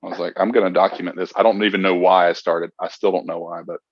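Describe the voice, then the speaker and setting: A man from Mississippi, a podcast guest talking openly and reflectively in a casual chat, with halting restarts. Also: low voice, little pitch movement, husky, dry recording, lo-fi sound.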